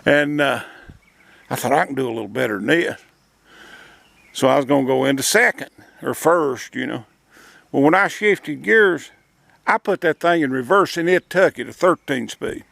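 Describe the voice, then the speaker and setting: Older man, gravelly, dry close sound, logger spinning yarns. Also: fairly high pitch, normal speed, fairly bright tone, dry recording. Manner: drawling rural storyteller, chuckling. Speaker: retired logger and sawmill owner. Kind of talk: casual storytelling.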